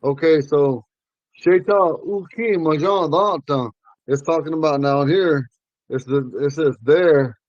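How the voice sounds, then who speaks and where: A man teaching a language class, explaining word meanings slowly and repeating key phrases. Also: on the high side, a little mellow, dry recording, muffled recording.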